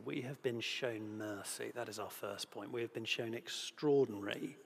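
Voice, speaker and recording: A man's voice: fairly low pitch, moderate pace, creaky, hardly any pauses. A man preaching a sermon and reading scripture, earnest and given to rhetorical questions. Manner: earnest, asks rhetorical questions, grows animated at moments. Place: church. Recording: long reverb of a large hall.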